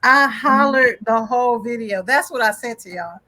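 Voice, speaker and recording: A woman co-hosting a podcast, retelling a story in casual chat, acting out the people in it and laughing loudly. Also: on the high side, moderate pace. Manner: animated retelling with acted voices and loud laughter. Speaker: podcast co-host.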